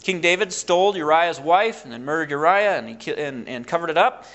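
Animated high-voiced male preacher. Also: a little fast. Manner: animated storytelling, acts out the quotes. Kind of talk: sermon.

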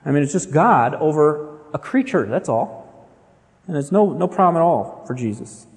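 Male pastor, dramatic sermon storyteller, high and expressive, big reverberant sanctuary. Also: moderate pace. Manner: animated, dramatic storytelling with acted-out quotes.

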